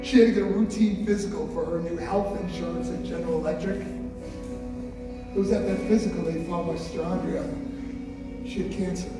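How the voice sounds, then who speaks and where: A man's voice: high-pitched, steady tone, normal speed, loud music behind the voice. A man giving a motivational speech to a school assembly, telling his story with emphasis and speaking straight to the audience. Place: large hall with an audience. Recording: echoey hall from far off.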